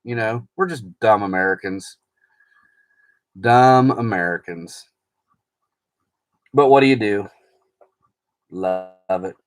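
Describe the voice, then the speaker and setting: With a voice on the low side, this man takes his time and leaves long pauses. On a live stream he rambles chattily about his baseball card collection, reading viewer comments out loud and responding as he goes.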